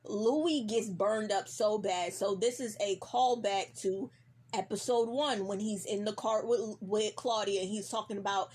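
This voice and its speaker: A woman's voice: medium pitch, a little slow, husky. A woman recapping a TV episode in casual, profane chat, acting out the characters' lines as she goes. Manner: animated, acts out characters' lines mid-story.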